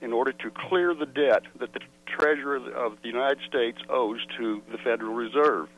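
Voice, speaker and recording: A man calls in to a radio show and explains his point earnestly, pausing on fillers as he goes. His mid-pitched voice comes through a tinny phone line with a faint hum behind it. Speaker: radio caller.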